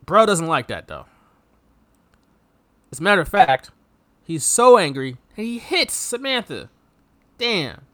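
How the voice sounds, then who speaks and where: Man, casual movie review chat, lively swooping pitch, bright voice, mocking impressions. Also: measured pace, pauses often. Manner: animated, acts out characters mockingly. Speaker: podcast co-host.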